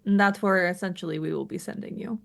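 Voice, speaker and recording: A woman's voice: fairly low pitch, steady tone, quick pace, vocal fry. A woman player at a tabletop game, with a wry, businesslike manner. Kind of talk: casual chat at a tabletop game.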